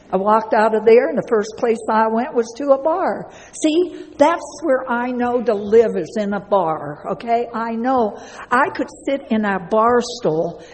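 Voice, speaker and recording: This woman's voice sits a little high with a darkish tone. Telling a live crowd about her recovery, she chats freely, laughs a lot, and talks straight to the audience while the hall's long reverb trails behind her.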